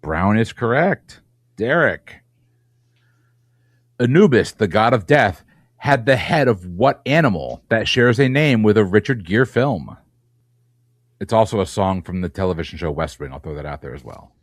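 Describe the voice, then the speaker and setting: Brief: man, low pitch, quizmaster, brisk and playful, dry close sound. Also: sing-song, dry recording. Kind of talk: reading trivia questions.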